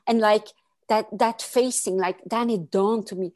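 A woman's voice: mid-range voice, normal speed, a little mellow. A woman in her late forties, a guest telling a personal story in an earnest, emphatic way, with many fillers and restarts.

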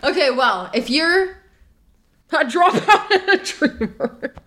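A woman's voice: high-pitched, lively intonation, slow pace, sharp tone. A woman co-hosting a podcast in casual chat, playful and teasing, laughing often. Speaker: podcast co-host.

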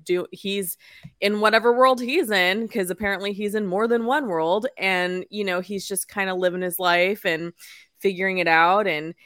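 A woman co-hosting a casual chat about a film, talking in an animated way and laughing often. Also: mid-range voice, moderate pace, no echo, studio quality. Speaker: podcast co-host.

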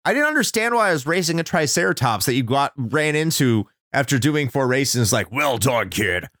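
A man's voice: a little high, expressive, fairly quick, fairly bright tone, no echo, studio quality. A man co-hosting a casual podcast chat, ranting sarcastically and swearing often. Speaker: podcast co-host.

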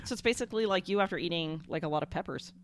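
A woman's voice: fairly low pitch, rapid-fire. A woman hosting a comedic podcast, bawdy and joking, with frequent giggles. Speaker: podcast host. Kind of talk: casual comedic chat.

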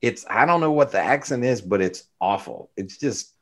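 A man's voice: medium pitch, lively intonation, normal speed. A man co-hosting a podcast, reviewing a film in casual, laid-back chat with dry sarcasm. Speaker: podcast co-host.

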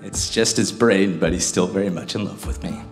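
A man's voice: sits low, fairly even intonation, moderate pace, soft background music. A man doing stand-up, chatty and telling a family story while laughing through his own punchlines. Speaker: stand-up comedian.

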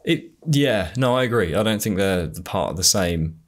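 A man's voice: deep voice, animated, normal speed. A man with a southern English accent chatting casually on a podcast, rambling and hesitant with many fillers. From England. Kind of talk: casual chat.

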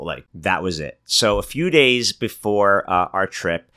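A man's voice: low voice, unhurried, hardly any pauses, pushed and bright. A man in his thirties hosting a podcast, telling a personal story in a chatty, self-mocking way with lots of filler words. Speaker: podcast host. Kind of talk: casual motivational monologue.

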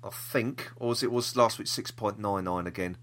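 A man's voice: fairly low pitch, normal speed, fairly bright tone. A man co-hosting a podcast, talking in a chatty, jokey, rambling way. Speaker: podcast co-host. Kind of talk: casual chat.

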